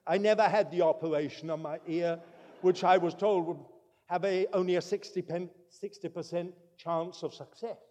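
A man preaching a sermon, telling stories with emphasis and slowing his words to stress key points. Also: sits high, steady tone, darkish tone. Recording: long hall reverb.

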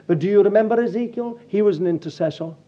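A man's voice: high-pitched, fast, muffled recording. A man preaching a sermon, telling stories and acting out the people in them. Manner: storytelling, animated, acts out quotes.

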